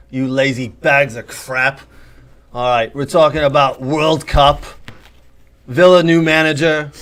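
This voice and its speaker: A host putting on a raspy English accent that drifts toward Australian, playing a gruff foul-mouthed football man who barks insults at the viewers. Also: on the high side, a bit bright. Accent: put-on English, drifting Australian. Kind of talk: costumed show opening.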